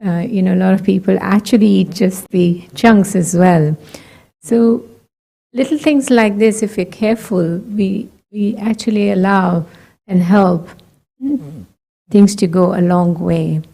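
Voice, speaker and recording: A woman from India giving a gentle, conversational talk to a group, asking reflective questions and laughing lightly. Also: mid-range voice, steady tone, measured pace, vocal fry. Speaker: meditation talk speaker.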